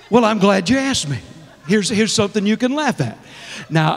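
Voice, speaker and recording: A middle-aged man preaching as a guest minister, exuberant and laughing often, calling out to the congregation in a church. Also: sits high. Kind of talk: sermon. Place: church sanctuary. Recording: long church reverb.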